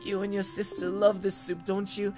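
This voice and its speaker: Old grandma, kind and worried, a man doing the voice; slow, soft, doting, pitched up, game music under. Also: monotone, close to an everyday voice. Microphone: condenser mic.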